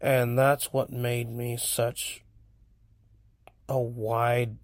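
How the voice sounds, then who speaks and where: A man's voice: mid-range voice, little pitch movement, slow, no room sound. A young man from California rambling bluntly through a casual monologue, cursing freely as he tells stories. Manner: blunt, profane, storytelling. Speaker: podcast host.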